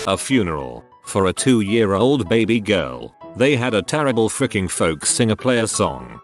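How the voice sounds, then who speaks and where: A man reading first-person anecdotes aloud as a story narrator, in steady scripted narration. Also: fairly low pitch. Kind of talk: scripted narration of reader stories.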